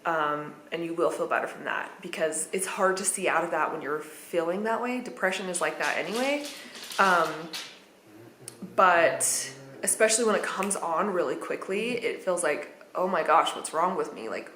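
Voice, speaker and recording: A woman's voice: on the low side, normal speed, fairly bright tone, a little hiss or hum. A woman vlogging a candid personal account in a chatty way, with fillers and nervous little laughs. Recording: echoey room.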